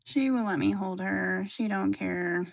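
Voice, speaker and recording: A woman chatting casually on a livestream at home while showing her pets, soft-spoken, sighing often and slipping into whispers. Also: mid-range voice, a little slow, vocal fry, no room sound.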